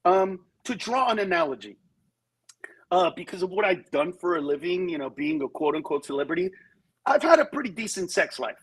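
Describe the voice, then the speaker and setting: A man with a somewhat high, husky voice talks frankly as a guest comedian on a talk show. He tells stories in an animated way and slips into other people's voices. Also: fairly quick, low-quality recording. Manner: animated storyteller who acts out voices in quotes. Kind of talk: candid talk-show conversation.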